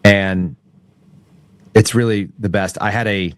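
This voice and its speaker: A man's voice: on the low side, steady tone, slow pace, no room sound. Blunt, crude-joking man with a dry sound. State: has a cough. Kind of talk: casual chat.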